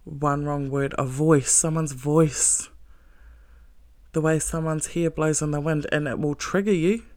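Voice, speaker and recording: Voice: medium pitch, steady tone, unhurried, a little mellow, no room sound, studio quality. A self-help speaker giving a blunt, heavily profane motivational monologue, earnest and emphatic, with short laughs.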